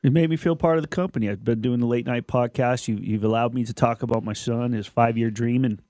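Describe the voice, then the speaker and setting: A man's voice: mid-range voice, steady tone, quick pace, mellow, no room sound, clean studio sound. A man guesting on a radio show, talking eagerly in a rambling way with frequent restarts. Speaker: guest filling in. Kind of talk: casual radio chat.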